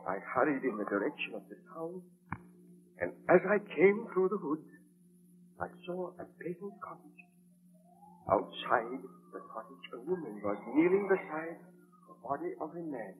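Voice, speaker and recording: An actor playing guilt-ridden Baron Frankenstein. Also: male voice, on the high side, big pitch swings, normal speed. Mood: recounting. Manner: earnest, theatrical, narrating his tale. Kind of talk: 1930s radio drama acting. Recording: tinny, hissy 1932 radio broadcast.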